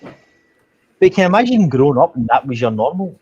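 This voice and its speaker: A man's voice: a little high, big pitch swings, moderate pace, a little mellow, husky. An Irish man rambling through a story in casual chat, swearing freely. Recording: dull lo-fi sound.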